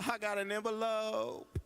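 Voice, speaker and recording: A man doing a stand-up comedy routine with animated storytelling, acting out the voices of other people. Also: high voice, slow pace, clean tone. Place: church stage before a live audience.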